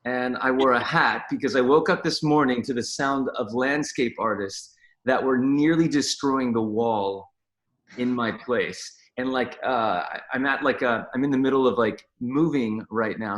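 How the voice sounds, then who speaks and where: A man's voice: medium pitch, normal speed, a bit bright, roomy sound. A man from California, a guest on a dance talk show, chatting in a rambling, friendly way over a video call. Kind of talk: casual video-call chat.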